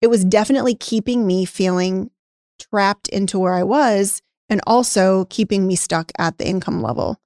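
Candid woman telling a personal story, gravelly edges. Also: mid-range voice, moderate pace, darkish tone, no room sound, studio quality. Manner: candid storytelling, acts out past dialogue. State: emotional at times. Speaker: podcast co-host, former nutrition practice owner. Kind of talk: casual conversational podcast.

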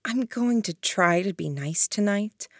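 A woman voicing an unsettling young woman who makes calm, soft-spoken threats. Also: medium pitch, a little slow, dry recording, clean studio sound, pitched above the performer's own voice. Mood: confiding. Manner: soft, eerily gentle threats.

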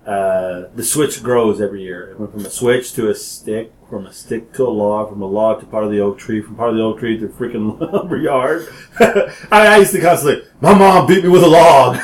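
A man telling childhood stories in casual chat, animated and laughing often as he acts out quotes. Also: medium pitch. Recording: roomy echo.

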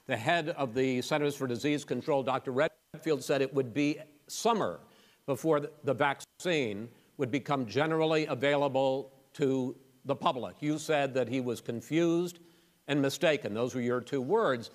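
Male moderator, measured, persistent, mid-pitched, long hall echo. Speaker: debate moderator. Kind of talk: televised debate moderation. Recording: long reverb of a large hall.

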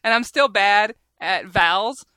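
Woman, Southern US accent, podcast co-host, chatty, self-deprecating, bright tense tone, dry close sound. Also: mid-range voice, a little slow, no echo. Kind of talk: casual chat.

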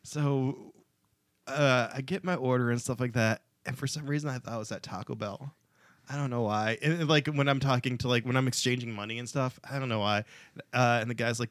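A man's voice: mid-range voice, steady tone, brisk, a bit bright, no room sound. A young man telling a rambling story in casual podcast chat, laughing and padding his talk with fillers.

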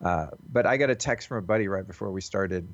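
A man's voice: low-pitched, fast talker, no echo. A man talking as a podcast guest in an earnest, reflective way, casual and loose with swearing, over a call. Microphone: call recording. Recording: dull, lo-fi call audio.

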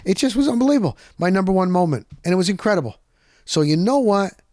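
A man hosting a podcast, telling a rambling, excitable story in a casual monologue and punching points with "boom.". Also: fast, dry recording, clean studio sound. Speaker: podcast host.

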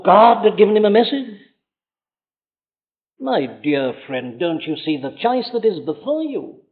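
An older man with a Welsh accent preaching an earnest, urgent sermon from a church pulpit, full of rhetorical questions. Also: high voice. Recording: phone-like archive recording in a reverberant hall.

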